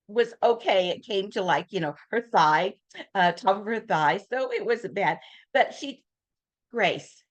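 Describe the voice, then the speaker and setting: Older woman telling lively anecdotes. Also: mid-range voice. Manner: lively anecdotes, acts out quoted voices. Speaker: guest speaker. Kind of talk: casual storytelling talk.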